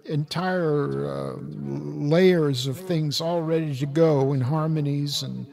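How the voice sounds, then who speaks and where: A man's voice: fairly high pitch, steady tone, takes it slowly, gravelly, a little mellow. An older man co-hosting a casual chat, rambling and restarting sentences as he reminisces. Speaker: podcast co-host.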